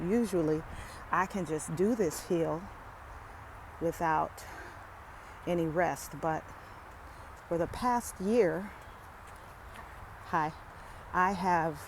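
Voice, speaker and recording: Slow-talking woman vlogging on a wooded trail. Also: fairly low pitch, slight background noise. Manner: chatty, humorous, talks straight to viewers. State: out of breath. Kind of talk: casual vlog chat while walking. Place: wooded lakeside trail outdoors.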